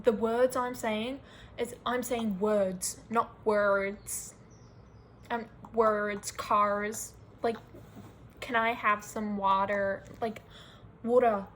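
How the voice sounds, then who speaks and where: A young Australian woman talks straight to camera in a loose, rambling rant, pitched a little high. She restarts her sentences often and pokes fun at herself as she goes. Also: slight background noise, rough recording. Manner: rambling, animated, self-mocking, with restarts. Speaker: vlogger.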